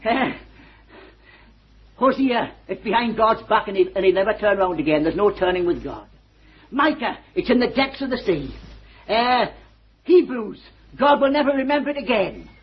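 A man's voice: sits high, lively intonation, normal speed, pauses often. An older man preaching a sermon, fervent and joyful, often breaking into exclamations and laughter. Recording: dull old lo-fi sermon recording.

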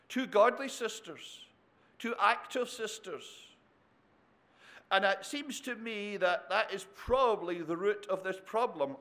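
A man's voice: high-pitched, a bit bright. A man preaching an expository sermon, often turning points into tag questions and adding dry humor.

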